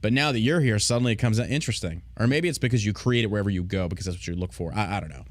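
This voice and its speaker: A man's voice: on the low side, very fast, no echo, clean studio sound. A man hosting a podcast, ranting in casual, profane, sarcastic commentary. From United States. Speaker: podcast host.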